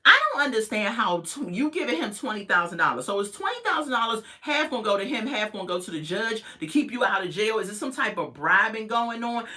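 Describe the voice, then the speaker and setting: A woman's voice: mid-range voice, pushed and bright. A woman, recapping a reality show in a chatty, sassy, incredulous way with colloquial asides.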